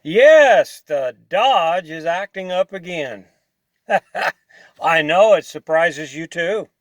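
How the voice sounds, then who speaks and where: A man talking casually to camera about his truck, folksy and chatty, now and then mimicking a squeak in a high soft voice. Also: lively intonation, slow pace, dry recording. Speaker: vlogger describing his truck trouble.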